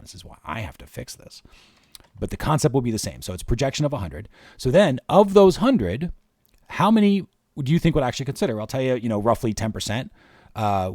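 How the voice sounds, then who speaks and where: Low-voiced man explaining marketing numbers. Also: darkish tone, dry recording, studio quality. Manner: talks through spreadsheet numbers step by step, casual and conversational. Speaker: marketing workshop host. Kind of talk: screen-share workshop explanation.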